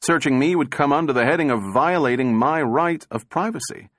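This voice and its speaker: A man voicing a calm, unruffled male prosecutor who speaks evenly and with dry irony. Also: on the high side, fairly quick, dry recording, pitched above the performer's own voice. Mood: cool. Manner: even, indifferent, dryly ironic.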